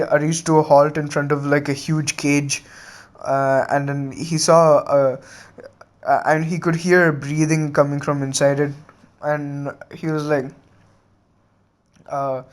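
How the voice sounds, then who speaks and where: A young man improvising a fan story, halting and full of filler words and restarts. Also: fairly high pitch, clear, resonant tone. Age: young adult.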